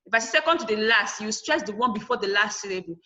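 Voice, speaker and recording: A woman's voice: medium pitch, expressive, quick pace, pushed and bright, highs cut off. A woman teacher giving a lesson over a video call, firm and instructive, spelling out word endings letter by letter. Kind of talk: online class lesson.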